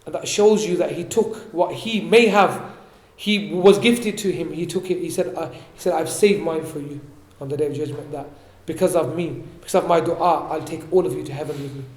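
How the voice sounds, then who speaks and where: A man giving a religious talk, explaining points and asking his listeners questions, reciting Arabic quickly before translating it. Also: a little high, a little mellow, roomy sound. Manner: explains and asks the audience questions. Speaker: religious teacher. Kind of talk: sermon. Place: event hall.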